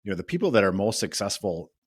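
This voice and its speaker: A man's voice: lowish voice, sing-song, quick pace, slightly rough, dry recording, studio quality. A man hosting a podcast, asking conversational questions loosely and with fillers. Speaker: podcast host. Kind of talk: interview questions.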